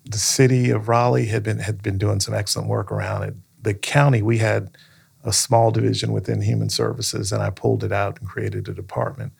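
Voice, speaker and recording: Man, interview guest, very gravelly, husky, earnest storytelling, checks in with "right?". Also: fairly low pitch, flat delivery, fairly quick, darkish tone. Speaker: county manager, interview guest. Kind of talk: conversational interview answers.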